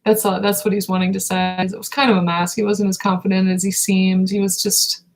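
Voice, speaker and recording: A woman giving a live spiritual reading, speaking slowly and meditatively, halting often with pauses and fillers. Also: mid-range voice, little pitch movement, poor audio. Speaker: intuitive reader.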